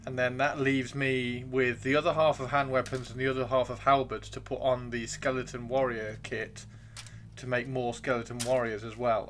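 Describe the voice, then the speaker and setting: A man live streaming as he builds miniatures, excitable and rambling, talking to himself and to chat. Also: medium pitch, moderate pace, a little hiss or hum.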